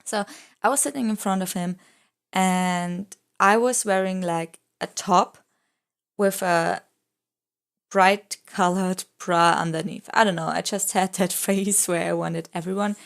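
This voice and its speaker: Young woman, YouTuber, casual chatty voice-over, fry-heavy voice, rambling, giggly, excitable. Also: lowish voice, measured pace. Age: young adult. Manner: rambling, full of "like" and "I don't know". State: throat a bit rough.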